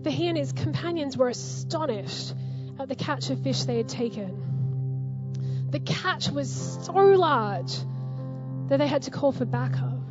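High-voiced woman preaching a sermon. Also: measured pace, dull audio, over loud music. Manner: animated, conversational, laughs often. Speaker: pastor.

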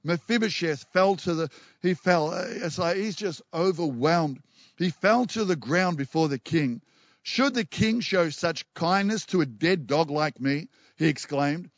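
A man preaching a passionate sermon as pastor, reading scripture aloud and stumbling over repeated words when excited. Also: fairly high pitch, a little slow, no echo, lo-fi sound.

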